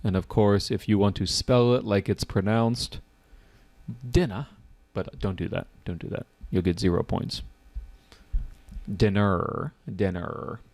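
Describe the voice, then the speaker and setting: A man's voice: fairly low pitch, normal speed, creaky, few pauses. A man teaching an online test-prep class, acting out confused test takers. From United States. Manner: animated, acts out test takers' reactions.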